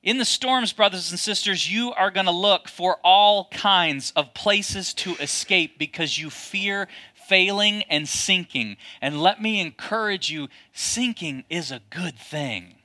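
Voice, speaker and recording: A man preaching a sermon as a pastor, addressing his congregation with lively rhetorical questions. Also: sits high, unhurried, hardly any pauses.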